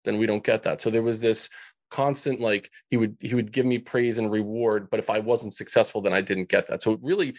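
Low-voiced man telling a painful story. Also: fairly even intonation, a little fast, no echo. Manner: earnest, with frequent restarts. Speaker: podcast guest. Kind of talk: emotional storytelling.

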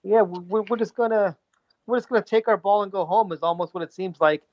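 A man in a casual sports podcast chat, halting and full of restarts, with dry, deadpan mockery. His voice is mid-pitched and the sound is dry and a little muffled. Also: no room sound. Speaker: guest co-host, comedian.

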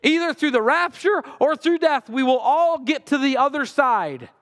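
A man preaching a sermon as pastor, telling a story with lively acted-out quotes and sudden loud cries. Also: moderate pace, long reverb tail. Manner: animated storytelling, acts out quotes with sudden high outbursts. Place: church sanctuary.

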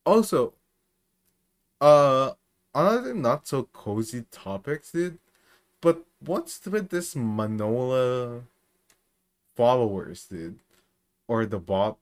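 A man chatting casually on a streamer podcast, animated and saying "dude" a lot. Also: mid-range voice, slow pace, pauses often. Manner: animated, says "dude" often, laughs while talking. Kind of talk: casual chat.

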